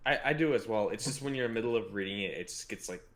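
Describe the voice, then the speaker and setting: A man's voice: on the low side, rapid-fire. A man co-hosting a podcast, laid-back and casual, often agreeing with short fillers. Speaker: podcast co-host. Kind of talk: casual chat.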